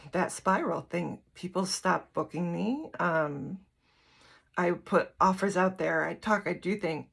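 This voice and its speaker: A woman's voice: deep voice, gravelly, fairly bright tone, breathy edge. A middle-aged woman giving a candid, rambling personal talk to her channel's viewers, full of fillers and asides. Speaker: spiritual teacher and YouTuber. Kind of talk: casual personal talk to camera.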